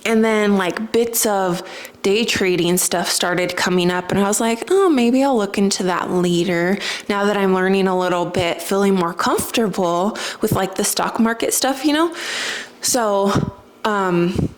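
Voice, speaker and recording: A woman's voice: mid-range voice, a little slow. A young woman talking casually to her viewers, chatty and emotional, with lots of "like" as she tells a personal story. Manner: chatty, emotional, says "like" often. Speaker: spiritual vlogger.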